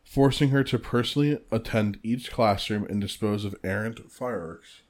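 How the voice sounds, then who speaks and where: A man co-hosting a podcast, reading a chapter summary in a steady, matter-of-fact way. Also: lowish voice, normal speed. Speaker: podcast co-host.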